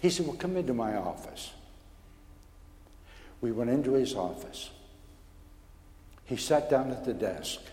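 A man's voice: mid-range voice, measured pace, pauses often. Stammering preacher man in an echoey hall. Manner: stammering, animated storytelling with rising excitement. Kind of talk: sermon testimony. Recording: echoey hall with long reverb.

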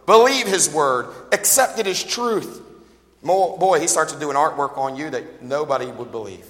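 A man preaching in a large auditorium, his high, bright voice rising into emphatic calls to the congregation. Long hall reverb trails behind each phrase. He is folksy, slipping in joking asides between the shouts. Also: lively intonation, normal speed. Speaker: pastor. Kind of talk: sermon.

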